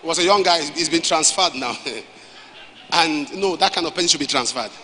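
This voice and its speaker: A man's voice: on the high side, normal speed, pushed and bright. A man with a Nigerian English accent preaching a sermon as a pastor, telling a story and repeating phrases for emphasis. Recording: reverberant hall, faint noise.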